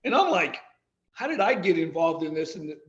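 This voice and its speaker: A man being interviewed on a podcast, telling lively anecdotes and quoting the people in them. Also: a little high, brisk, reverberant, lo-fi sound. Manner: animated anecdotes, quoting others. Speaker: guest, athletic director and former coach. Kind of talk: storytelling in a casual podcast interview.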